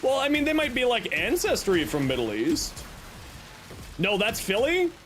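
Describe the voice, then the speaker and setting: Young male streamer, bouncy and high-pitched, loose joking chat at the mic, faint room hum. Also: moderate pace. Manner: playful, teasing, joking deadpan bits. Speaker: game streamer chatting with viewers. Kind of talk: casual live-stream chat.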